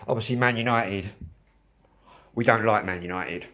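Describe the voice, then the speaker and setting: A man's voice: fairly low pitch, moderate pace, fairly bright tone. A middle-aged man from Kent, rambling casually to viewers on a livestream with plenty of fillers. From Kent, England. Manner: chatty and rambling, many fillers. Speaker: livestream host.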